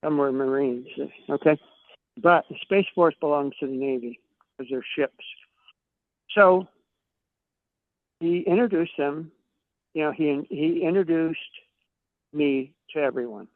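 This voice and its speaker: A man's voice: on the high side, measured pace, long pauses, no room sound. A man, a podcast guest, tells long profane stories and acts out the dialogue of the people in them. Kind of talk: casual storytelling chat. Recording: tinny phone-like line, dry.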